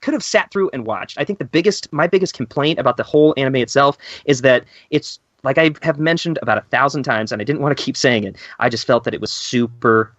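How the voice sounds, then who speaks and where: A man chatting on a casual podcast, emphatic and laughing often, swearing when he gets heated. His voice is mid-pitched and sits close and dry on the mic. The sound is a little dull. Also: lively intonation, quick pace, hardly any pauses, a bit bright, dry recording. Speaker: podcast co-host.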